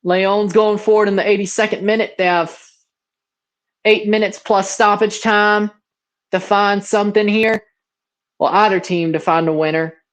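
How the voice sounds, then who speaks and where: A man's voice: sits high, steady tone, moderate pace, a bit bright. A 21-year-old man with a near-Southern American accent, calling plays and rambling bluntly in slangy casual chat while hosting a livestream watchalong. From Mississippi, USA. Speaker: livestream host.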